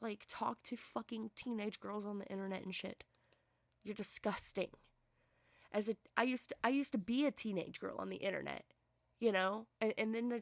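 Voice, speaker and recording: Young woman, vlog rant, furious and profane, halting restarts, dry recording. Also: medium pitch, creaky, no room sound. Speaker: commentary vlogger. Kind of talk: angry ranting commentary.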